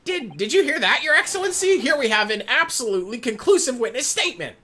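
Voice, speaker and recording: A man voicing a pompous, flowery gentleman in a game, with a high theatrical over-polite delivery. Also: very animated, quick pace, slight background noise, exaggerated voice. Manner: ornate, fawning delivery.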